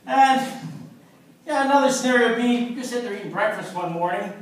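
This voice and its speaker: High-voiced man in his fifties doing stand-up. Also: fairly quick. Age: 50s. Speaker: stand-up comedian. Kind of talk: stand-up comedy set. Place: comedy club stage. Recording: echoey club from far off.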